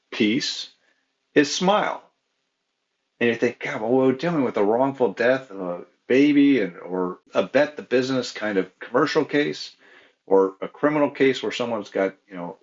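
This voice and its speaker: A man who is a judge, talking in a thoughtful, measured way in a panel discussion. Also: mid-range voice. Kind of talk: expert discussion. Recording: dull lo-fi audio.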